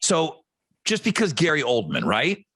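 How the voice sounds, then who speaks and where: A man with a fairly high voice talks in lively, swinging tones as he rants about movies, swearing often. His voice sounds close and dry, with no room sound. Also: a little slow, husky, no room sound. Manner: animated and crude, swears often. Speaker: podcast co-host. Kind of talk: casual chat.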